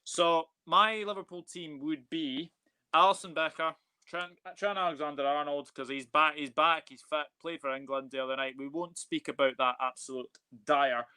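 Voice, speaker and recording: A man's voice: fairly high pitch, fairly even intonation, moderate pace, sharp tone, clean tone. A man hosting a casual football live stream, upbeat and chatty as he reads out viewer comments. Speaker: football channel host.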